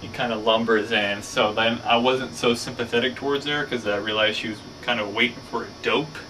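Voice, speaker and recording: A man's voice: medium pitch, steady tone, a little fast, noisy background. A man hosting his own show, telling a story casually, rambling with lots of fillers. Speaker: show host. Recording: slightly distant mic, faint ambience.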